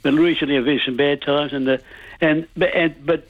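A man's voice: on the high side, steady tone, moderate pace, dry recording. An older man calling in to a radio show, cheerful and rambling, often stumbling over his words, heard over a tinny phone line. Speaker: caller. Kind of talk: phone-in chat.

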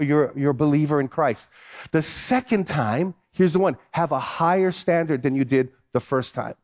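A man's voice: a little high, a little mellow. A man preaching a sermon, emphatic and repeating phrases to drive points home. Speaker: pastor.

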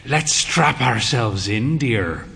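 Man voicing fey, thin late-middle-aged gent, wry mock-grand drawl, slow, bright tone. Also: medium pitch, lively intonation, creaky, heavily acted. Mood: jaunty.

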